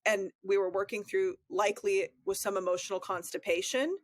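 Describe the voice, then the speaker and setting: A woman's voice: medium pitch, steady tone, fairly quick, no room sound. A woman co-hosting a relationship advice podcast, speaking frankly and reflectively from her experience as a therapist. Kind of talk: casual advice conversation.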